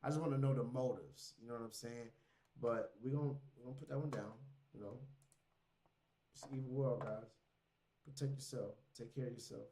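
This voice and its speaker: A man's voice: mid-range voice, steady tone, moderate pace, vocal fry, mellow, a little hiss or hum. A man livestreaming casual reaction commentary, loose and slangy, laughing often. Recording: roomy echo.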